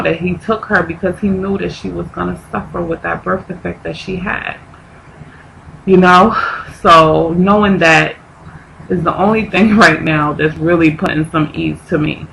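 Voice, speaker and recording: A grieving woman vlogger talking haltingly to her camera, close to tears, often stopping and restarting. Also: lowish voice, creaky, fairly bright tone, a little hiss or hum, rough recording. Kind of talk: emotional personal vlog.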